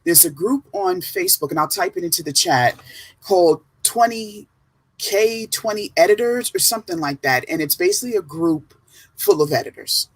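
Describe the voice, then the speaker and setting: A woman with a New Jersey accent, a teacher and author guesting on a stream, telling stories in an animated way and laughing often. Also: lowish voice, normal speed, rough recording. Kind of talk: casual live-stream chat.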